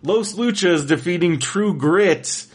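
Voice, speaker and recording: A man co-hosting a podcast in casual chat, talking excitedly and rambling with lots of fillers. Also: high-pitched, slow pace. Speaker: podcast co-host.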